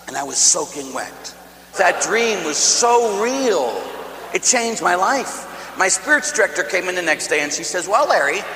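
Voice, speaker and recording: Priest guy from pittsburgh, bright sharp voice, big swings from hushed to yelling, echoey hall. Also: fairly high pitch, slight background noise. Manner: animated storyteller, voices jumping from hushed to shouting. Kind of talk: storytelling sermon.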